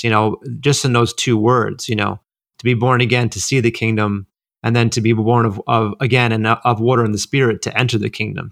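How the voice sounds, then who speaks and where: A man co-hosting a ministry podcast, explaining Bible passages in a relaxed way with lots of fillers. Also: medium pitch, no room sound, clean studio sound. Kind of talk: conversational Bible teaching.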